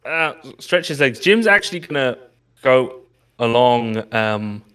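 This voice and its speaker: A man's voice: mid-range voice, big pitch swings, slow pace, pushed and bright, smooth. A man playing a tabletop game, loose and joking, swearing freely. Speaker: player. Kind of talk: tabletop role-play.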